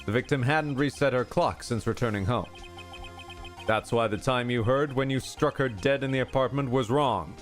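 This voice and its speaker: A man's voice: mid-range voice, moderate pace, soft background music. A man streaming a game, reading its dialogue aloud theatrically with joking asides.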